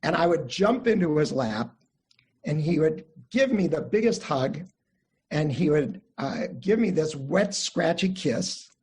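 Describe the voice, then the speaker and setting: An older man leads an online study class, his voice pitched a little high and slightly husky. He tells family stories in a friendly, conversational way and livens up the voices he quotes. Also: unhurried. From United States (Midwest). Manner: warm anecdotal storytelling, animated quotes. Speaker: Jewish studies teacher. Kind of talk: online class lecture with storytelling.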